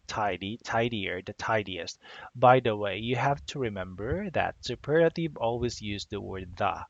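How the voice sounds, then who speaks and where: A man with a low, gravelly voice gives a grammar lecture. He explains step by step and keeps checking in with "okay?". The recording is dull and lo-fi. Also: no room sound. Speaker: teacher.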